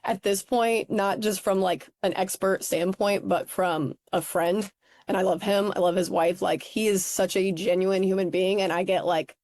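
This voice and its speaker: Animated woman academic guest. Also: mid-range voice, normal speed, dry recording. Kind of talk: podcast interview.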